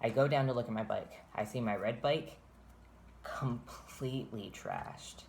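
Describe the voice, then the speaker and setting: Casual storytime rambler, mid pitch, swears a lot, keeps restarting, bit of hiss behind. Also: measured pace, creaky, darkish tone. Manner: rambling, profane, restarts often. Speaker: storyteller vlogger.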